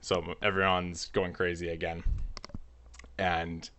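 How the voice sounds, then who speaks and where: A man's voice: deep voice, little pitch movement, takes it slowly, fairly bright tone, slight background noise. A man telling a comic family story in a rambling, nervous way, full of restarts. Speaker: channel host.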